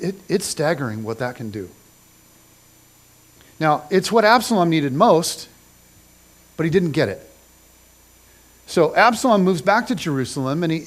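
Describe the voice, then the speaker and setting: A middle-aged man preaching a sermon in a casual, conversational storytelling style, acting out the people in his story with lively slang. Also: fairly high pitch. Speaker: pastor. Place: church stage.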